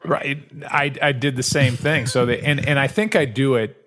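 This middle-aged podcast co-host has a medium-pitched, steady, slightly bright voice at normal speed. During a casual chat he rambles through stories and acts out quotes in other voices.

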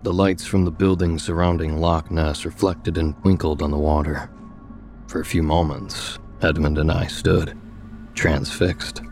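A man narrating a scripted horror story in a measured, steady storytelling manner. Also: very deep voice, creaky, soft background music.

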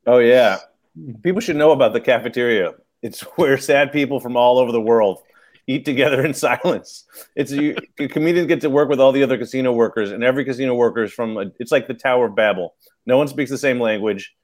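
A man, a comedian on a podcast, wry and quick to laugh. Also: medium pitch, darkish tone. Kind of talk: casual comedy podcast banter.

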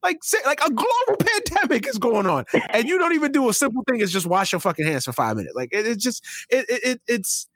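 A young man hosting a casual sports podcast, talking in an animated, slangy way and swearing freely. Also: very high voice, fairly quick, few pauses, dry recording, clean studio sound. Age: young adult. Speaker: podcast host.

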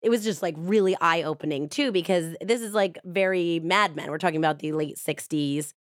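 Low-voiced woman telling a true crime story. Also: moderate pace, dry recording, studio quality. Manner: casual and chatty, with frequent "like". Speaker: podcast host.

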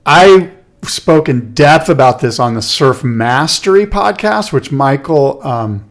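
A man's voice: mid-range voice, animated, slow. A man co-hosting a casual podcast chat, rambling and correcting himself as he asks probing questions. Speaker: podcast co-host.

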